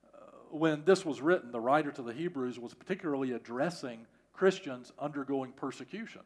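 A man's voice: mid-range voice, a little fast. A middle-aged male pastor preaching a sermon, emphatic and repeating key phrases for stress.

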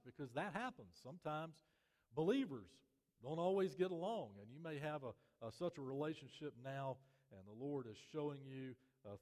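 Pastor preaching in a reverberant hall. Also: male voice, mid-range voice. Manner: measured preaching, drops softly at phrase ends. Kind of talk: sermon. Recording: long reverb of a church hall.

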